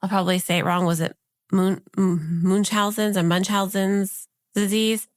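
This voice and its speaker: A woman's voice: mid-range voice, flat delivery, normal speed, no room sound, clean studio sound. Woman co-host with teasing quips. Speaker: podcast co-host. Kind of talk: casual chat.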